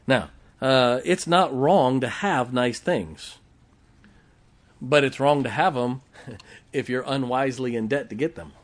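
A man's voice: medium pitch, slow pace, long pauses. A middle-aged man preaching a folksy sermon, often asking the congregation questions. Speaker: pastor.

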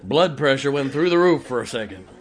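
A middle-aged pastor preaches a folksy, humorous sermon, swinging between loud emphasis and quiet, intimate asides. His mid-range voice is animated and fairly quick.

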